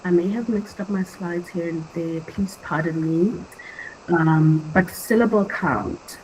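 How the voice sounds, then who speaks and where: A woman's voice: lowish voice, takes it slowly, a little mellow, a little hiss or hum, poor audio. A young adult woman from Africa presenting an online poetry workshop in an earnest, conversational way with frequent fillers.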